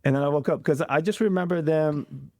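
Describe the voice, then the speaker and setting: A man as a podcast guest, telling a story in a casual interview, animated and acting out the voices of others. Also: a little high, fairly quick, no room sound, clean studio sound. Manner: animated retelling, acting out quoted voices, laughing.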